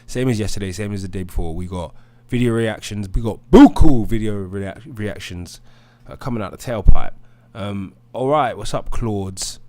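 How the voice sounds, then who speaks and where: Young UK streamer, lower-pitched voice, loose and chatty, hypes his live debate. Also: moderate pace, few pauses, darkish tone. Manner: chatty, reads viewer comments aloud, hypes the stream. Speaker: livestream debate host. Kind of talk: casual live-stream chat.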